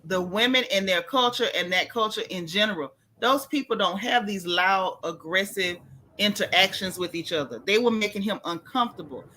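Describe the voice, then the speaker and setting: A woman hosting a casual gossip chat about reality TV, talking in an animated, sassy, emphatic way with frequent restarts. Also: mid-range voice, moderate pace. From United States. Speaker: host.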